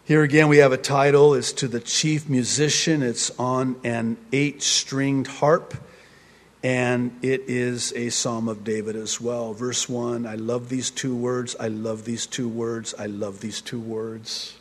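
A man preaching on a psalm, with humorous asides, laughing mid-sentence and telling stories in a lively way. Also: medium pitch, slow, long reverb tail. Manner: lively storytelling. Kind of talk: sermon on a psalm.

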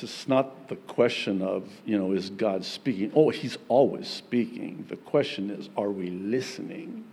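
A man preaching a sermon as pastor, earnest, moving between soft passages and emphatic ones. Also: lowish voice, breathy edge.

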